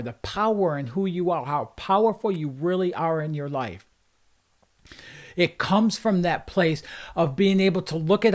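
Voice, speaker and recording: A life coach, a man with a slightly high voice, speaks straight to his viewers in a motivational livestream. His delivery is earnest, and he stacks up repeated phrases to hammer his points home. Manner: earnest, repetitive emphatic phrasing.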